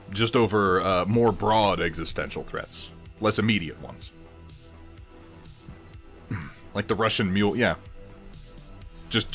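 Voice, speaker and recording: A man's voice: on the low side, a bit bright. A man hosting a casual livestream, chatting wryly with viewers in a rambling way while he eats and paints miniatures.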